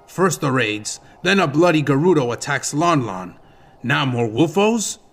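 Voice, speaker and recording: A man's voice: on the high side, sing-song, unhurried, a bit bright, slight background noise, heavily acted. A man voicing a blunt, grumbling, superstitious soldier in an audiobook. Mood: uneasy grumbling.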